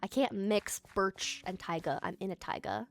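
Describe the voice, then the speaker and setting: A woman giving relaxed, soft-spoken commentary while playing a building game, at times squealing with excitement. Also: mid-range voice, normal speed, creaky. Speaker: gaming commentator.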